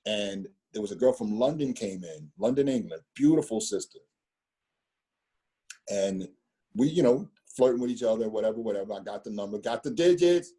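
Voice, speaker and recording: Husky low-voiced man telling stories. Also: animated, normal speed, mellow. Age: 50s. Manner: rambling, repeats words, street slang. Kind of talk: casual storytelling conversation.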